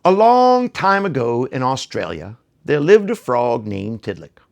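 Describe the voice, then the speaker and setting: A man's voice: medium pitch, big pitch swings, unhurried, creaky. A man telling a folk tale to children, playful and theatrical, speaking straight to the audience. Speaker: children's storyteller. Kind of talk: animated storytelling for children.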